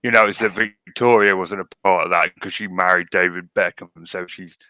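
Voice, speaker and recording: Podcast co-host, man, matter-of-fact, bright forward voice, low-ish pitch. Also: fairly even intonation, moderate pace, clean tone. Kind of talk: casual podcast chat.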